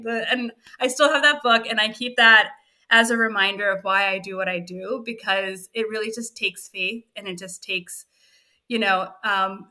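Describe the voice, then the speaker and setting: A middle-aged woman, a fertility physician assistant, telling an emotional story on a podcast in lively reported speech. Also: fairly high pitch. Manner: animated, frequent "I was like" reported speech.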